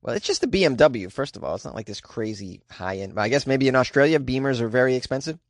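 A man's voice: medium pitch, expressive, quick pace, no echo, clean studio sound. A man hosting a show, reading offbeat news stories aloud and breaking in with sarcastic, jokey asides and laughter. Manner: sarcastic, jokey, laughs at his own bits. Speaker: host.

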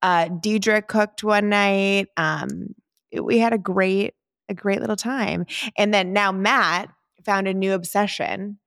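A woman's voice: medium pitch, fairly even intonation, slow, a bit bright, dry recording, studio quality. A woman in her thirties co-hosting a podcast, chatting upbeat about her weekend. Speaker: podcast co-host. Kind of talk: casual chat.

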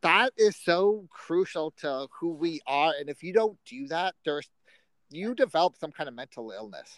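A man's voice: fairly high pitch, animated, moderate pace, fairly bright tone, no echo, rough recording. A man co-hosting a casual podcast chat, rambling and searching for words as he makes his points. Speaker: podcast co-host.

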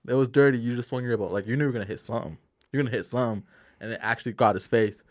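A man's voice: mid-range voice, very fast, dry recording, clean studio sound. A young man in casual chat, ranting with slang and swearing. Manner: profane, animated ranting with slang.

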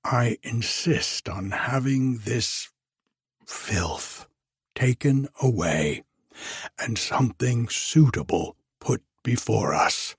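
Voiced by a man, a pompous old gentleman guest fumes in this storybook reading, stiff and formal, his delivery slow and deliberate. The voice is deep-set, very raspy, and close and dry. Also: lively intonation, dry recording, heavily acted. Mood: indignant. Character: indignant old gentleman, fussy hotel guest.

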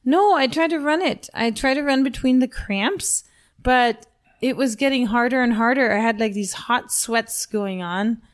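A woman's voice: on the high side, normal speed. A woman in her forties co-hosting a podcast, telling a race story in casual chat and laughing at herself. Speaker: podcast co-host.

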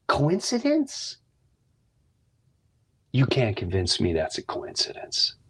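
A man's voice: mid-range voice, lively intonation, measured pace. A man hosting a podcast, telling earnest, heartfelt stories in a casual monologue. He often restarts and repeats words, and sometimes drops to a near whisper. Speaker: podcast host.

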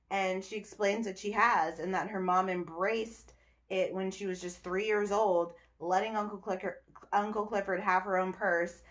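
A young woman hosting a podcast, recapping a TV episode in casual chat, animated and exasperated, with cursing and laughter. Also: mid-range voice. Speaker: podcast host reviewing a TV episode.

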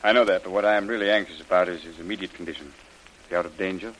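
An actor playing a concerned middle-aged governor, measured and paternal with hesitant pauses, in a hissy old radio drama. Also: male voice, deep voice, a bit bright, poor audio. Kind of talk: 1930s radio drama acting.

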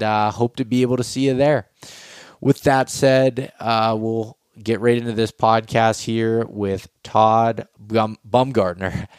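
A man's voice: on the low side, clean tone, no echo, clean studio sound. A man hosting a hunting podcast in a casual, rambling way, with fillers and restarts. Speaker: podcast host.

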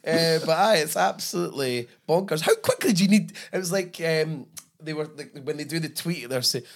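A man's voice: on the high side, very animated, moderate pace. A Scottish man hosting a podcast, chatting casually, swearing and laughing through his stories. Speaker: podcast host. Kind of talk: casual chat.

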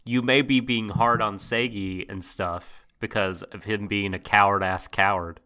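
Casting note: bright, expressive man co-hosting a podcast, excitable rants, swears a lot. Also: a little slow. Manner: animated ranting, swearing, voice jumps high when exasperated. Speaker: podcast co-host. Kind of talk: casual anime discussion podcast.

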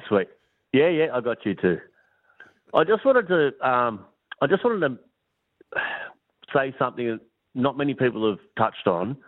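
A man's voice: medium pitch, dry recording. A man calling in to a radio show, eager and repeating himself. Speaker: caller. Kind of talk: talkback phone call. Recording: tinny phone line.

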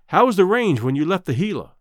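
A man voicing a polished city gentleman who speaks in a quiet, measured way. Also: high voice, sing-song, no room sound, studio quality.

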